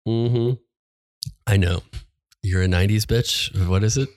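A man co-hosting a podcast, chatting casually in a relaxed, joking and teasing way. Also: lowish voice, a little slow, a little hiss or hum. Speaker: podcast co-host. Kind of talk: casual chat.

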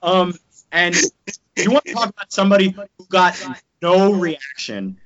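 High, bright-voiced podcast host swearing casually. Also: male voice, unhurried. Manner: rambling, profane, joking. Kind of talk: casual chat. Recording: dull lo-fi podcast audio.

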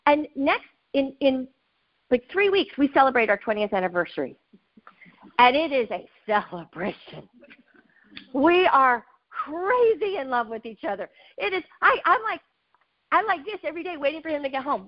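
High-voiced animated woman preaching. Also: lo-fi sound. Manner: emotional, animated testimony with quick asides. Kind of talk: sermon.

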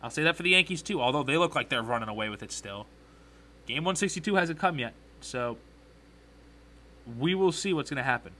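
A young man hosting a solo sports podcast, ranting with strong opinions, getting excited and correcting himself as he goes. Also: a little high, brisk, long pauses.

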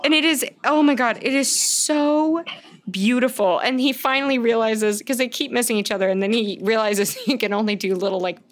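A woman's voice: on the high side, moderate pace. A woman co-hosting a podcast in casual chat, gushing and swearing freely, often laughing as she talks. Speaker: podcast co-host.

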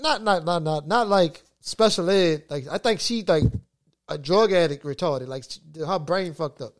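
A man's voice: on the high side, moderate pace. A man co-hosting a casual podcast chat, telling profane stories with animation and laughing often. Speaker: podcast co-host.

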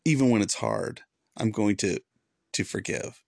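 Earnest gravelly man preaching on a podcast. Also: lowish voice, measured pace, a little mellow, no room sound, clean studio sound. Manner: earnest, preachy, repeats for emphasis. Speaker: podcast host, former pastor. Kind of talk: devotional podcast talk.

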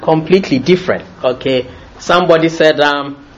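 A middle-aged man preaching a sermon in a lively, jokey way, often laughing as he speaks. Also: on the high side, normal speed, highs cut off.

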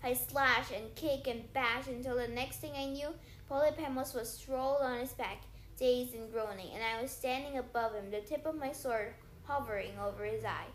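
A woman reading a story aloud in first person, lively, with small stumbles and self-corrections. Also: on the high side, moderate pace, hardly any pauses, echoey room, a little hiss or hum, poor audio. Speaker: audiobook reader.

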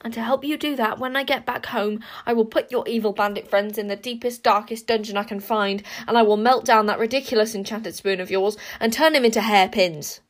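A woman's voice: fairly high pitch, brisk, few pauses, lightly acted. A woman voicing a contemptuous, imperious warrior queen in a storybook reading, cutting and cold. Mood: grim. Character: scornful, imperious middle-aged warrior queen.

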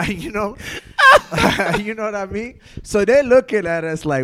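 A man, a comedian guest on a podcast, telling a story in casual slang, animated and laughing often. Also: high voice, slow, a little hiss or hum.

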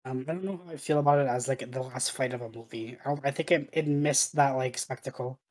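A speaker chatting casually about a film, relaxed, often stammering at the start of a phrase. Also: medium pitch, fast. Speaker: film discussion co-host. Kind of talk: casual chat.

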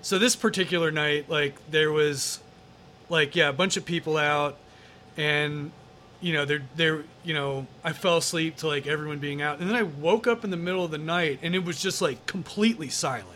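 A man's voice: on the high side, normal speed, sharp tone, a little hiss or hum. A man as an interview guest, telling a story casually in a rambling way, with many fillers and some swearing.

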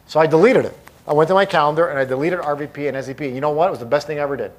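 A man's voice: a little high, very fast. A middle-aged man giving a live motivational talk, emphatic and punchy, hammering points home through repetition. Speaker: motivational speaker.

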